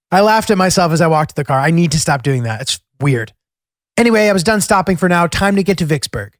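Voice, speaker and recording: A man's voice: on the high side, expressive, a little fast, no echo, clean studio sound. A young man from the United States narrating his road trip in a casual, self-deprecating way, full of "like" and asides. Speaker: travel vlog narrator. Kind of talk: scripted travel narration.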